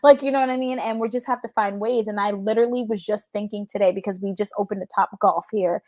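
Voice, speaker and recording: Chatty woman in her 30s, says like constantly, swears a bit, middle pitch, dry sound. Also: steady tone, fast talker, darkish tone, no room sound. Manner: chatty, fills every sentence with "like"; frank and swears casually. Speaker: interview guest. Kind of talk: casual storytelling chat.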